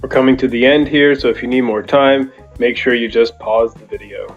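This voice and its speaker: A man's voice: mid-range voice, steady tone, a little fast, vocal fry, highs cut off, faint music behind. A male teacher giving a recorded video lesson, explaining step by step with frequent ums and uhs.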